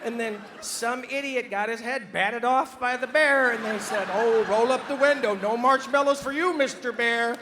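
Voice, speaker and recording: A man's voice: very high-pitched, a little slow, hardly any pauses, noisy background. A man doing a scatterbrained rambling mom. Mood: indignant. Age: middle-aged. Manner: scatterbrained, digressive, loses the thread. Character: rambling middle-aged mother telling a joke. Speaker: comedian.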